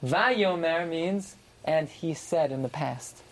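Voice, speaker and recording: Animated teacher explaining a text. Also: medium pitch, slow, slight background noise, poor audio. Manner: animated, translating each phrase then exclaiming. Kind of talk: verse-by-verse text study class.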